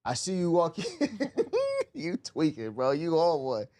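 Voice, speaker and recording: A man's voice: a little high, sing-song, a little slow, darkish tone. A man from the East Coast of the US in casual podcast chat, laid-back and full of slang.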